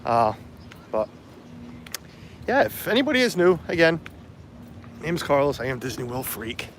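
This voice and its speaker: A man's voice: on the high side, big pitch swings, moderate pace, a little hiss or hum. A man, fighting a cold, chatting casually on a live stream outdoors and answering viewers' comments. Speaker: vlogger livestreaming. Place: outdoors on a hot town street.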